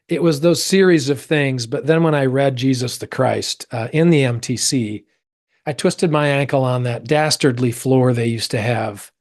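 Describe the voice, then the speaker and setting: Brief: middle-aged American man, podcast guest, expressive storyteller who jumps into quoted voices. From United States. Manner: animated, acts out quoted voices with big pitch jumps. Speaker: actor. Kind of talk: personal storytelling in a podcast interview.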